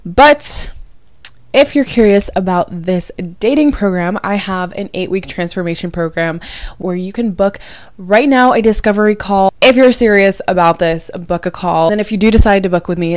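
A young adult woman hosting a casual podcast as a dating coach, chatty, emphatic and confiding, sounding low and drained after a night of crying. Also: no echo. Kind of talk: casual chat.

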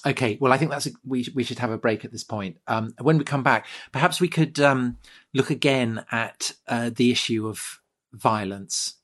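A man's voice: mid-range voice, moderate pace, a bit bright. A man hosting a history podcast, talking enthusiastically with many ums and restarts. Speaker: podcast host. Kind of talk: casual podcast conversation.

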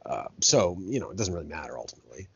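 A man's voice: low voice, sing-song, racing, creaky, husky. A man co-hosting a movie podcast, rambling and laughing as he retells scenes. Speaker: podcast co-host. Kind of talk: casual movie podcast chat. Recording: dull, lo-fi podcast audio.

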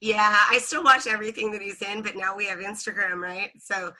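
A woman guest on a casual podcast, telling a story in an animated way, laughing often and acting out quotes. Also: mid-range voice, fairly quick.

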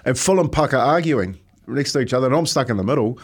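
A man in his forties with a New Zealand accent, hosting breakfast radio and telling stories in a relaxed, reflective way, often saying "mate". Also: mid-range voice, brisk, husky. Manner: reflective storyteller, says "mate" often, chuckles. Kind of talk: casual radio chat.

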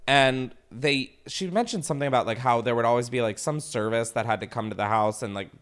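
A man's voice: medium pitch, a little fast, clear, resonant tone. A man hosting a podcast, tipsy on wine, telling crude, rambling stories in casual chat. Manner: crude, rambling, lively storytelling.

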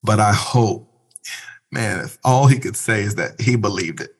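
Husky-voiced pastor, low and earnest. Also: male voice, measured pace. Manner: earnest, reflective, breaks into animated imitations. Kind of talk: conversational interview.

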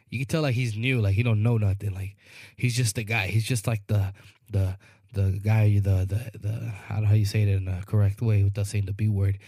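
A man's voice: fairly low pitch, fairly even intonation, normal speed, few pauses, mellow, dry recording, clean studio sound. A man co-hosting a podcast, telling a long rambling story in casual chat, often asking "you know what I mean" and acting out the people in it. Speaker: podcast co-host.

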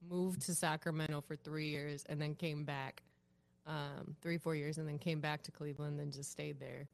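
A woman from Ohio, a podcast guest, calmly talking about where she grew up. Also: deep voice, moderate pace, vocal fry. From Ohio, United States. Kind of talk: casual chat.

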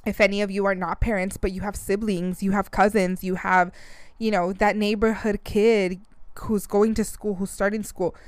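Chatty woman podcast host, smooth voice. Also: mid-range voice, normal speed, no echo. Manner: chatty, animated, laughs often. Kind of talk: casual chat.

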